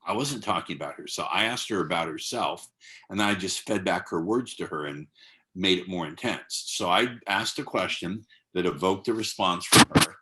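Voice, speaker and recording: Deep, bright-toned blunt man in his 60s. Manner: blunt and profane, slows into a hypnotic cadence for examples. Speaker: dating coach. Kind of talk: casual instructional talk. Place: side room at home.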